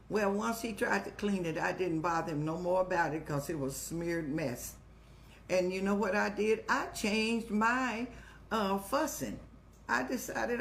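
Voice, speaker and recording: A woman's voice: mid-range voice, a little slow, slight background noise. An older woman hosting a live-streamed advice show, talking in a motherly, preachy way and telling stories with laughs. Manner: motherly, preachy, addresses viewers as "child".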